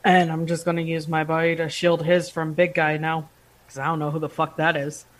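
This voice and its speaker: A woman with a low voice playing a tabletop game. She lays out her character's moves in quick, decisive declarations, and her pitch sits low throughout. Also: flat delivery. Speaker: player.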